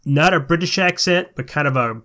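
A man's voice: fairly high pitch, fairly quick, bright, forceful tone. A man co-hosting a podcast in casual chat, conversational with hesitant restarts. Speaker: podcast co-host.

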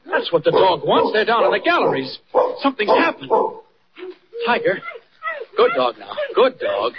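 Superman, old radio hero, urgent, very high and lively, dull old recording. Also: moderate pace, gravelly, a crowd in the background, full character voice. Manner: urgent, calling out loudly. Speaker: actor in a radio drama. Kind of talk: 1940s radio acting.

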